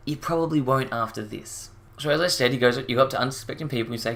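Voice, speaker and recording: A man's voice: medium pitch, rapid-fire, fairly bright tone, a faint crowd, a little hiss or hum. A man giving casual commentary as a YouTuber, sarcastic, indignant and full of swearing.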